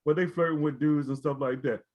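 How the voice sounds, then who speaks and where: A man's voice: on the high side, steady tone, a little fast, darkish tone. A man telling a story in casual chat, laid-back and often asking "right?". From Baltimore. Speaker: co-host. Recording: slightly dull audio.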